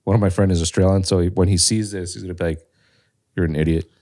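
A man's voice: low voice, steady tone, rapid-fire, warm tone. A man co-hosting a podcast in casual chat, joking and laughing often. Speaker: podcast co-host.

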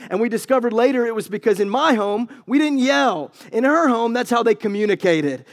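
High-voiced preaching man. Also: animated, fairly quick, hardly any pauses. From United States. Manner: storytelling, building to emphatic preaching. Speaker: pastor. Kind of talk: sermon.

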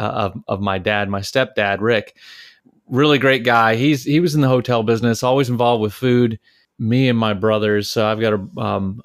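A man's voice: on the low side, clear, resonant tone, dry recording, studio quality. A man from Detroit, a podcast host and father, telling family stories in a casual, rambling way with many fillers and restarts. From Detroit, Michigan, USA. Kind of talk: casual storytelling chat.

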